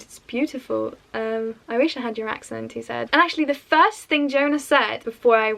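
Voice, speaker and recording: A woman's voice: on the high side, creaky. A young woman from Sweden, a native Swedish speaker, telling a story as a chatty, gushing vlogger. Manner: chatty, gushing, quoting others in quick bursts. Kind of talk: storytelling vlog voice-over.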